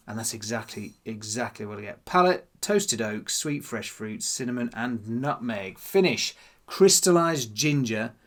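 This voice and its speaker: A man hosting his own whisky channel, chatting casually to camera and musing aloud as he tastes. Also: medium pitch. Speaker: whisky vlogger. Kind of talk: casual tasting chat to camera.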